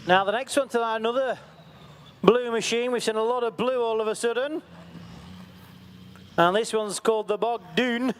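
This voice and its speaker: A man giving excitable, jokey live commentary at an outdoor event. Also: extremely high pitch, moderate pace, long pauses. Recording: faint outdoor background noise.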